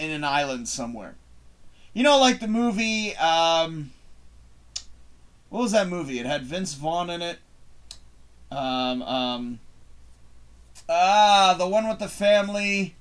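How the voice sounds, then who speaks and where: A man's voice: fairly high pitch, a bit bright. Loose, swearing live-show host, man. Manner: loose and profane, laughs often, rambling asides. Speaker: live show host reading viewer questions. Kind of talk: casual live-stream chat.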